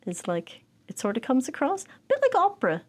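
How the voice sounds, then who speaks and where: A woman with an Irish accent, co-hosting a podcast in casual chat, giggly and expressive. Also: high voice, fairly quick. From Ireland. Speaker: podcast co-host.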